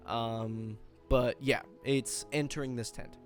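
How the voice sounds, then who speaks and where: Relaxed man narrating as game master. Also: mid-range voice, slow pace, soft background music. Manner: relaxed, filler-heavy narration.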